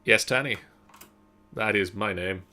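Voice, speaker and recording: A young man streaming a game, chatting casually with his co-player and with his viewers in an unhurried way. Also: fairly low pitch, bright, forceful tone, slight background noise. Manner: unhurried, talks to chat. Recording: faint keyboard clicks behind.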